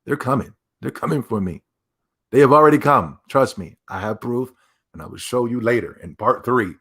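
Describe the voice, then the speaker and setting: A man's voice: medium pitch, expressive, normal speed, fairly bright tone, breathy edge. Male streamer, mid-range voice, rambling sarcastic reaction commentary. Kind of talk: casual commentary.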